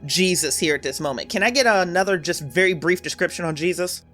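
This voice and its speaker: Intense woman player, low-pitched. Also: a little fast, fairly bright tone, faint music behind. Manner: intense, vivid descriptions of her character's actions. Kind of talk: in-character tabletop play.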